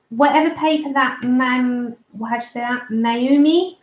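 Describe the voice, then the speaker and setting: A woman's voice: fairly high pitch, a little slow, fairly bright tone. A woman hosting a casual livestream, chatting and greeting viewers by name as she colours. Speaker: livestream host of a colouring channel. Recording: dull lo-fi stream audio.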